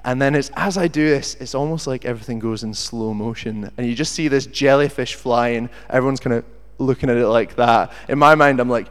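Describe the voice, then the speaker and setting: Smooth and fairly quick, with hardly any pauses, a mid-range male voice preaches a sermon built around a personal story, animatedly acting out what people said. The sound has a large hall's long reverb.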